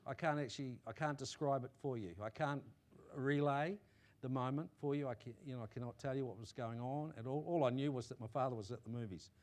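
New pastor, halting then booming. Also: male voice. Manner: halting restarts, swelling to loud emphatic peaks. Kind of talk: sermon with personal testimony.

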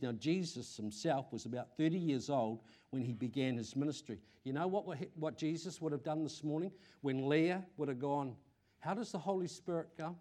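An older man with a New Zealand accent preaching a sermon to a congregation, animated, often repeating words and asking questions. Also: a little high, moderate pace.

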